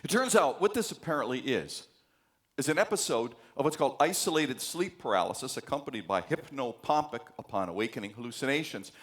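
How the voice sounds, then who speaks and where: A man's voice: mid-range voice, expressive, fairly quick, a bit bright. An American man giving a university lecture on psychology, telling anecdotes with many fillers and acting out the voices he quotes. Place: large lecture hall.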